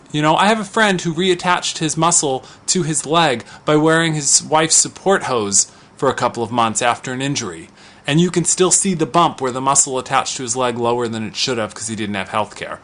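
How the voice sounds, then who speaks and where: Outspoken man in his thirties, slightly high voice. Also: fairly bright tone. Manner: vocal, outspoken and impassioned; conversational with restarts. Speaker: vlogger. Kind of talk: opinion vlog monologue.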